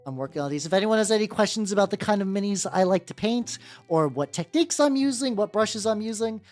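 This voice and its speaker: A woman's voice: mid-range voice, lively intonation, quick pace. A woman streaming as she paints miniatures, chatting casually with her viewers, greeting them by name, laughing and swearing freely. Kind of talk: casual livestream chat. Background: soft background music.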